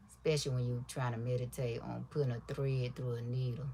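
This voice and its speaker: A woman with a low, soft-spoken voice chats casually with her livestream viewers while she sews. She keeps her talk deliberately quiet and gentle, sprinkling in "y'all" and "baby". A faint hiss sits under the recording. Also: flat delivery. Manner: talks low and soft on purpose. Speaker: livestream crafter.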